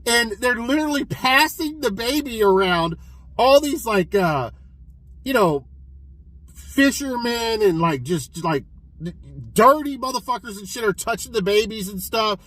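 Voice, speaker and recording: A man casually reviewing a film he watched, retelling the plot in an excitable, profane way with many restarts. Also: extremely high pitch, unhurried, rough recording. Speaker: physical media collector reviewing films.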